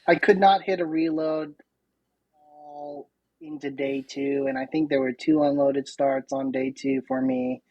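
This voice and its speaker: A woman's voice: low-pitched, fairly even intonation, a little slow, lo-fi sound. A woman guest on a podcast, a chatty, self-deprecating storyteller in casual conversation. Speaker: podcast guest, competitive shooter.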